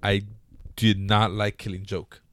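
A man's voice: lowish voice, level tone, a little slow, a bit bright. Blunt, profane man in casual chat. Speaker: podcast co-host.

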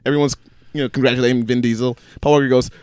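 A man's voice: medium pitch, very fast, clear, resonant tone, no echo. A man co-hosting a casual podcast, telling movie stories with swearing and laughter. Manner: animated storytelling, swearing, laughing. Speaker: podcast co-host. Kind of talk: casual chat.

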